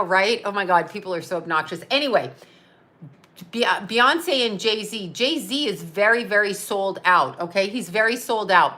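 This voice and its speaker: A psychic medium in her fifties sounds bright and forceful at a medium pitch. She chats casually on her live stream, reading viewer comments and ranting bluntly with plenty of swearing.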